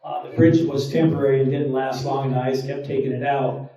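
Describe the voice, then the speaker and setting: A man on a panel explaining local history in a steady, matter-of-fact way. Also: mid-range voice, a little fast, a crowd in the background. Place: town hall. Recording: echoey hall, distant and lo-fi.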